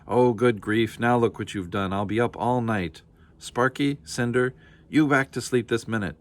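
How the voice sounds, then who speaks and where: A huge, domineering mother dragon, voiced by a man, slow and menacing in a low, booming voice. She drags out her threats and scolds like a storybook monster. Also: expressive, a bit bright. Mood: scolding.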